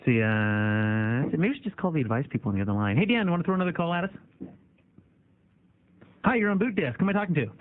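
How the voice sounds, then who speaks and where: A man's voice: fairly high pitch, lively intonation, fast, pauses often, a little hiss or hum. A man hosting a call-in radio show, joking and teasing callers. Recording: tinny phone-line radio audio.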